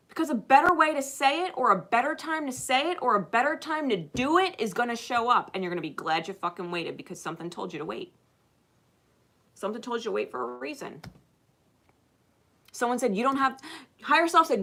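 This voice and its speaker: A woman with a bright, ringing voice giving spiritual advice to her viewers, blunt and full of swearing. She moves between loud, emphatic stretches and hushed, intimate ones. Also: fairly high pitch, expressive, brisk, gravelly. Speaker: spiritual channel host.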